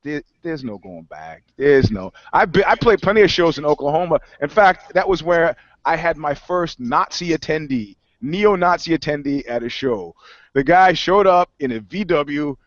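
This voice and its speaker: A man's voice: a little high, animated, normal speed, dry recording, highs cut off. Stammering rambling man, dry sound. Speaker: podcast co-host. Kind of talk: casual chat.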